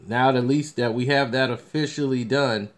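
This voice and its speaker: Here a review vlogger talks loosely about films on the way, his medium-pitched voice steady in tone and moderate in pace. He wanders as he speaks, often restarting and leaning on fillers.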